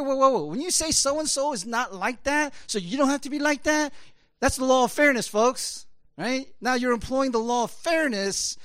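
A pastor giving a conversational sermon in an animated, rhetorical way, often tossing in quick asides to the listeners. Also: male voice, very high voice, no room sound, clean studio sound.

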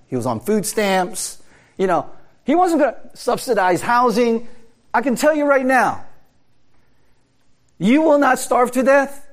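A man's voice: very high-pitched, very animated, unhurried, pauses often. A man preaching a sermon in a conversational way, asking his listeners rhetorical questions and laughing now and then. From America. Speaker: pastor.

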